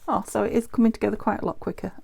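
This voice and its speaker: A woman's voice: medium pitch, steady tone, rapid-fire, gravelly, darkish tone, a little hiss or hum. A British woman chatting casually as she works on a craft project, rambling and muttering to herself as she goes. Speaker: craft vlogger. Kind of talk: casual chat while crafting.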